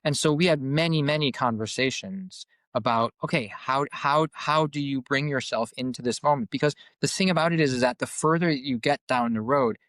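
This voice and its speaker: A man's voice: medium pitch, moderate pace, hardly any pauses, a bit bright, no room sound. A man speaks as a coach in a reflective podcast conversation. He is earnest and often repeats a word while he finds his thought. His voice sits in the middle range and sounds dry and close to the mic. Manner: earnest, repeats words as he searches for them. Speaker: coach and group facilitator.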